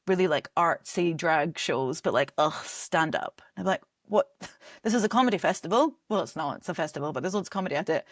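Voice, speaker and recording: A young Scottish woman with a deep voice guests on a podcast, chatting casually, laughing often and filling her speech with "like." She's a comedy director and promoter, and the recording is dry, with clean studio sound.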